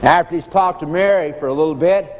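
Man, preacher, sermon, high voice, emphatic delivery, echoey hall. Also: fairly quick. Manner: emphatic, dramatic rises and falls in pitch. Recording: echoey hall, dull lo-fi sound, faint noise.

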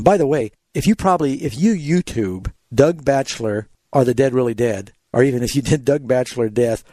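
A man's voice: mid-range voice, darkish tone, dry recording. A man hosting a radio Bible call-in show, answering a caller's questions with explanations and illustrative stories.

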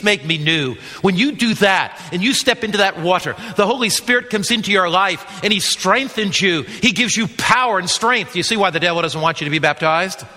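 A man's voice: high-pitched, sharp tone. A man preaching a sermon, emphatic and quizzing his listeners with questions. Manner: emphatic, asks the audience questions. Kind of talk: evangelistic sermon. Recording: long hall reverb.

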